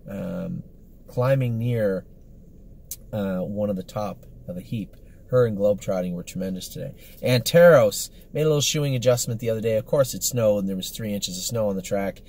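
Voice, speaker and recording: A man's voice: lowish voice, darkish tone, a little hiss or hum. A man, a horse trainer, giving a casual, rambling report on the day's training, upbeat and full of fillers and self-corrections.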